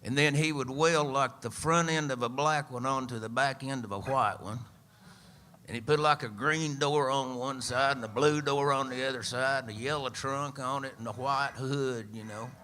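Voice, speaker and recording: Speaking at a moderate pace, this man has a steady, medium-pitched voice that sounds pushed and bright, against slight background noise. He's an East Tennessee singer-songwriter and storyteller in his 70s, sharing a dry, folksy tale live on the radio.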